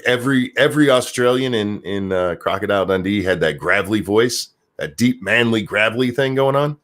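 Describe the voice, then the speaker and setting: A man's voice: mid-range voice, a bit bright. A man hosting a casual livestream talk show, reading chat aloud and rambling with offhand swearing. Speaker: podcast host.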